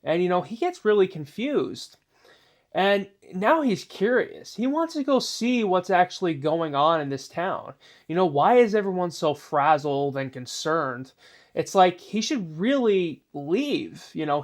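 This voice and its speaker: A man's voice: high-pitched, lively intonation, unhurried. A man telling a spooky story in a casual, rambling way, full of filler phrases. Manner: rambling, many "you know" fillers.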